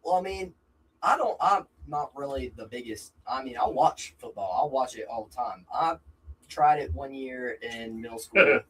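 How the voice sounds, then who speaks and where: A man's voice: mid-range voice, lively intonation, normal speed, a bit bright, slightly rough. A young man, a racing driver, talking in a laid-back, hesitant way with many fillers. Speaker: young racer guest. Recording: distant mic with faint noise.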